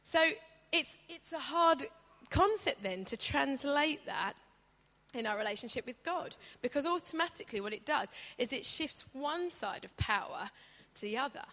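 A woman's voice: sits high, expressive, moderate pace, sharp tone. A woman preaching a conversational sermon, chatty and humorous, acting out stories as she goes. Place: church hall. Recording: reverberant church hall.

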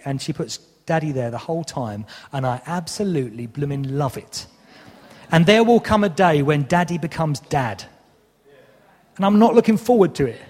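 Preaching in a church hall, a man in his thirties talks briskly in a fairly high, slightly mellow voice. He's candid and self-mocking with flashes of humor, and a long hall reverb surrounds the sound.

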